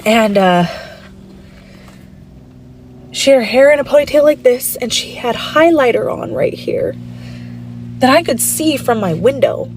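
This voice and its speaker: A woman's voice: high-pitched, lively intonation, unhurried, pauses often, a little mellow, slight background noise, rough recording. A woman, a stay-at-home mom, telling a personal story in an earnest, rambling way with frequent ums.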